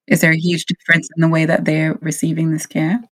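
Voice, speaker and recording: Low-voiced woman interviewer, direct and probing. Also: completely flat delivery, quick pace, a bit bright. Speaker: interviewer, host. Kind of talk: interview conversation.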